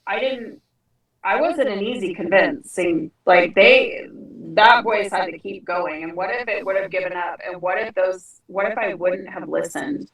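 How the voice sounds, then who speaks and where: A middle-aged woman, a podcast guest, telling a personal story in a lively, frank way and acting out the dialogue. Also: mid-range voice, a little slow, roomy sound, recorded from a distance, low-quality recording. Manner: animated, acts out dialogue with frank language. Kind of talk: conversational storytelling.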